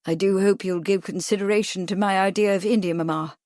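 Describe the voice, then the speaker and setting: A woman voicing an agitated, pompous young gentleman who talks in an insistent, commanding way. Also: mid-range voice, fairly even intonation, brisk, no echo, clean studio sound, close to an everyday voice. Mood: persuasive.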